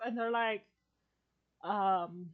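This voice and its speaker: A woman in casual chat, rambling and restarting as she explains something, swearing freely along the way. Her voice sits in an ordinary middle pitch. The recording sounds dull and lo-fi. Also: extremely slow. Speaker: streamer and podcast guest.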